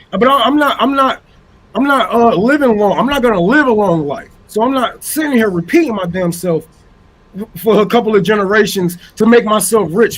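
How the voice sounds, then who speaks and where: Casting: high-voiced man, fiery activist, profane, hammering repetition. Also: fairly bright tone, low-quality recording. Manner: fiery, profane, repeats phrases for emphasis. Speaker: activist panelist. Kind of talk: impassioned political rant.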